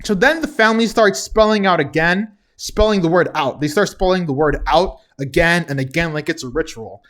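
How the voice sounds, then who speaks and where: A man's voice: fairly high pitch, normal speed, a bit bright. A young man casually recapping a TV episode, chatty and chuckling often between remarks. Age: young adult. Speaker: TV recap vlogger.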